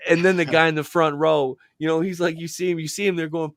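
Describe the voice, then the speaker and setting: A man's voice: on the high side, little pitch movement, fast talker, fairly bright tone, no echo, clean studio sound. A man co-hosting a podcast in casual chat. He rambles, swears constantly and acts out what people said. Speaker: podcast co-host.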